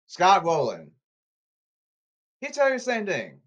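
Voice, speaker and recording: A man's voice: slow pace, highs cut off. Guy ranting alone on his podcast, voice jumping all over, super worked up. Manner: animated, erratic pitch leaps and volume swings; repetitive, exasperated ranting. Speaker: podcast host.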